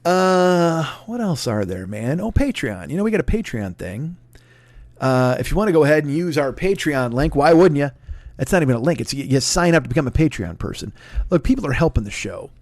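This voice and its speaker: Male podcaster in his 40s, loose rambling solo talk, swears casually, slightly high voice, dead-dry close mic. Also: very animated, a little fast, a little mellow, no echo. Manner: rambling, self-deprecating, profane asides. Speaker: podcast host.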